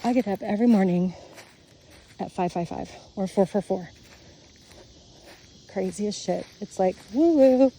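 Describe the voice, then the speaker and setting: A woman's voice: medium pitch, fairly even intonation, measured pace, pauses often, dark tone, a little hiss or hum. Blunt, foul-mouthed woman ranting. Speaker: vlogger. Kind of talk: casual monologue while walking outdoors. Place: outdoors on a nature walk. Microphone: phone.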